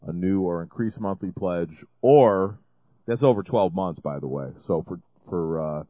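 Low-voiced man on a tinny line. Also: a little slow, no echo. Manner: rambling, with restarts and fillers. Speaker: ministry show host. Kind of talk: fundraising appeal. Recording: dry, phone-like lo-fi sound.

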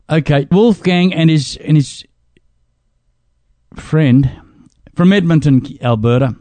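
A man's voice: on the high side, slow, long pauses, warm tone, no echo. A man hosting a radio pledge drive, reading donor names in a jokey way and stumbling over the pronunciations. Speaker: radio host.

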